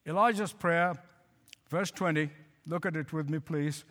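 A male pastor preaching a sermon, emphatic, repeating phrases and slowing to stress lines. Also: fairly high pitch, fairly bright tone. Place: church. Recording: hall reverb.

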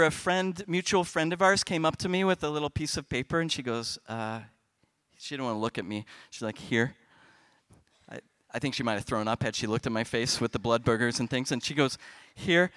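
A middle-aged man speaking on stage at a youth festival, telling a comic personal story to kids with big swings in loudness. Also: a little high, clean tone, no room sound.

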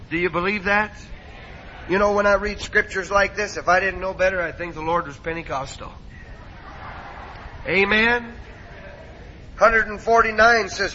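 Man preaching, high bright voice, fiery sermon, amen-seeking, dull 1970s church tape, long hall echo. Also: normal speed, long pauses. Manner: emphatic preaching, seeking congregation's amens.

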